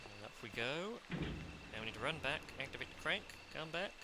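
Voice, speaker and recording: In this let's play, a man with a medium-pitched, sing-song voice chats casually about the game at a moderate pace, joking with himself and talking to the enemies on screen. He comes across as chatty and self-mocking, and there's heavy background noise.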